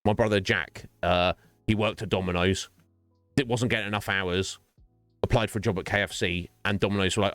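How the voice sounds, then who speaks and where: A man's voice: lowish voice, fairly even intonation, fairly quick, fairly bright tone, no room sound, soft background music. A man streaming a game, chatting casually in a rambling way and laughing often. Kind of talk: casual livestream chat.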